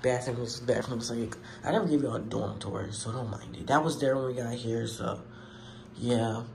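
A man's voice: medium pitch, fairly even intonation, moderate pace, gravelly. Young man, college vlogger, casual chat, emotional, talks to camera, phone recording, background noise. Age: young adult. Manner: chatty, emotional, talks straight to viewers. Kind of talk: casual vlog. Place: college dorm and campus, in and out of doors.

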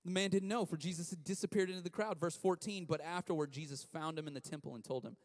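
A man preaching to a youth service, energetic and conversational, acting out the people in the story. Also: on the high side, fast talker, hardly any pauses. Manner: energetic, conversational, acts out quotes. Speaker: youth pastor. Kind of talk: sermon. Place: church hall, streamed. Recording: long hall reverb.

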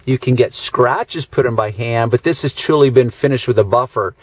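Touring a luxury car inside and out, a chatty detailer speaks at a medium pitch and normal speed with no echo. The handheld walkaround is casual, full of fillers and dry sarcasm.

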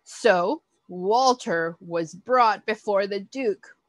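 A woman, an early childhood educator, reading a picture book aloud to children with expressive, animated storytelling. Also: mid-range voice, very slow, no room sound.

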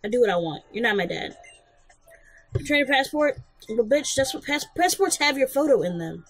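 High, lively woman gaming commentator. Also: moderate pace, low-quality recording. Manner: blunt, swears freely, jokey. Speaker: let's play host. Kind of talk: casual gameplay commentary.

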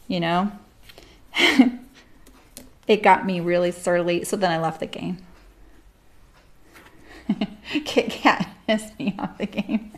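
A woman's voice: fairly low pitch, takes it slowly, pauses often. A middle-aged woman chatting casually with viewers of her live stream while she sews, rambling and laughing often.

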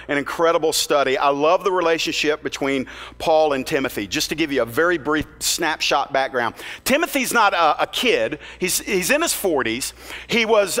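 A pastor preaches to his congregation in a bright, high-pitched voice, earnest and plain-spoken, slipping into casual asides. His sermon rings with the long reverb of a large church hall.

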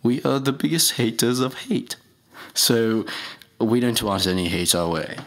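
A comedic bit has a man posing as a self-serious rapper who makes a mock-solemn announcement, halting, rambling, and restarting amid many fillers. His voice is medium in pitch, expressive, and a bit bright.

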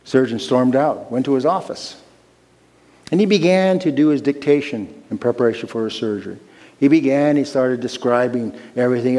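A man pastor preaching a sermon in a church sanctuary, slow and emphatic, repeating his key phrases. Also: mid-range voice, warm tone. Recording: long reverb of a large hall.

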